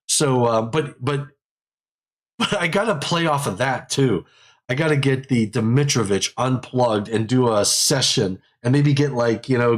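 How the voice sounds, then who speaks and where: A man hosting a live technical webinar in a casual way. He rambles, repeats phrases and laughs often. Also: mid-range voice. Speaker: livestream host.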